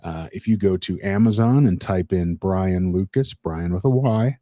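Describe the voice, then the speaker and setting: A man with a low, mellow voice hosts a casual live stream. He speaks slowly and haltingly, with plenty of ums and restarts, and greets chat viewers by name. The sound is dry and close. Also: no room sound. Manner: halting, many fillers and restarts. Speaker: livestream host.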